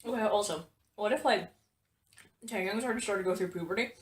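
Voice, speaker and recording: A woman's voice: medium pitch, quick pace. A young woman chatting casually with a friend, swearing a lot and often breaking into laughter. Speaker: podcast co-host. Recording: echoey room with faint noise.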